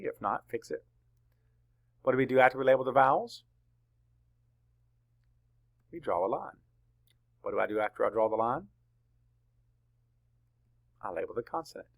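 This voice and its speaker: A man's voice: mid-range voice, creaky. A male teacher leading a spelling lesson for young children, spelling words out letter by letter and answering his own questions. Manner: slow, deliberate, letter-by-letter dictation; asks questions and answers them himself.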